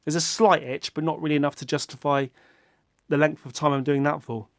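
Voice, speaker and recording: Rambling British man with a high-ish voice. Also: brisk, dry recording, clean studio sound. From Britain. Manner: rambling, self-mocking, with sudden loud animated outbursts; swears casually. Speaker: YouTuber. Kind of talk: casual rambling vlog chat.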